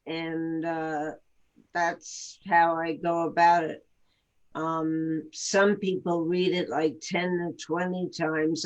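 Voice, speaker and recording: A woman from the Bronx with a New York accent, chatting slowly and laughing easily as a guest actress on a live video chat. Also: low voice, dull audio. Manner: slow, relaxed, laughs easily.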